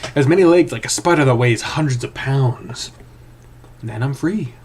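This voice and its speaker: A man reading a visual novel aloud in first person, with a hushed, tense, dramatic delivery. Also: medium pitch, normal speed, slight background noise. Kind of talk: first-person story narration.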